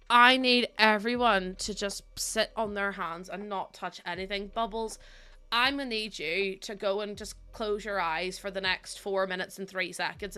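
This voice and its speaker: Streaming live while gaming, a young woman with a Northern Irish accent from that region chats with viewers, giggling and gushing with near-tearful gratitude. She speaks at medium pitch, sharp-toned yet smooth.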